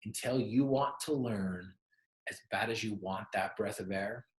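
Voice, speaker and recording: A calm old village sage, voiced by a man, speaks slowly and tersely, low and hushed. The sound carries a roomy echo. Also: slight background noise, close to an everyday voice. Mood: stern. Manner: slow, stern, terse.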